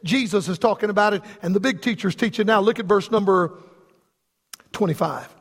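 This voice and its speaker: A man's voice: high voice, a little fast, slightly rough. A man preaching a sermon with an impassioned, repetitive cadence. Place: church sanctuary. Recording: long reverb from a large hall.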